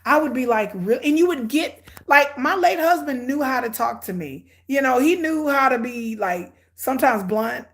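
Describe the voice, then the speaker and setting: A middle-aged woman giving blunt, sarcastic, animated commentary on a reality show she is watching. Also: high-pitched. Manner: hyperactive and energetic. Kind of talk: casual live watch-along commentary.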